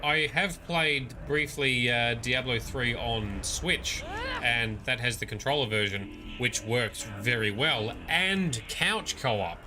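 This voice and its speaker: A man's voice: mid-range voice, takes it slowly. Male streamer at his gaming PC, mid-range voice, casual running commentary with game music underneath. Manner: casual and joking, reads chat messages aloud. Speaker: livestreamer. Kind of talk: live gameplay commentary.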